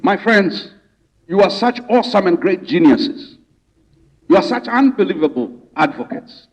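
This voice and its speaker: A man's voice: high-pitched, big pitch swings, unhurried. A man from Zimbabwe speaking as a rights advocate to a conference audience, stirring the room with repeated rhetorical questions. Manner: rousing, rhetorical questions, preacher-like repetition. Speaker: rights advocate giving a speech. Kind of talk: public speech to an audience. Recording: distant, dull hall recording.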